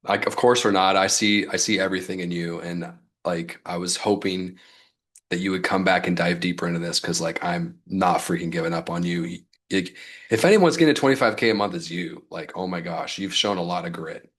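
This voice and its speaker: A man's voice: low voice, brisk, fairly bright tone. A man coaching his audience in a casual livestream, loose and fired up, peppering his talk with "like" and mild swearing. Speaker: business coach.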